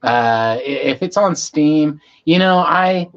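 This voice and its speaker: A man hosting a casual livestream, high and rambling, swearing freely and losing his train of thought as he reads chat aloud. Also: expressive, takes it slowly, highs cut off. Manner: loose, meandering, self-interrupting, stoned and swearing. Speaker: livestream host.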